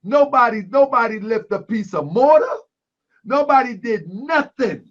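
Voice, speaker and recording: A man's voice: very high-pitched, lively intonation, unhurried. A man hosting a call-in show, arguing emphatically with callers and repeatedly calling them brother. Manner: emphatic, keeps calling people brother, raises his voice. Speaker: talk show host taking callers. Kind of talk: heated call-in debate. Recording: lo-fi online broadcast audio.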